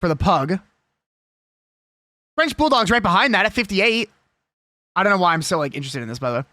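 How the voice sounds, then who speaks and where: Lively, chatty live streamer. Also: mid-range voice, brisk, no echo, clean studio sound. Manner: chatty and opinionated, reading a list aloud with laughs. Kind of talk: casual live-stream chat.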